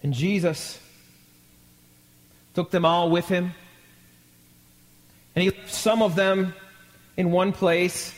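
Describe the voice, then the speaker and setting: A male pastor preaching a live sermon, asking the congregation questions and acting out quotes with sudden loud, high bursts. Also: little pitch movement, slow, pauses often. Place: church. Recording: long hall reverb from a church.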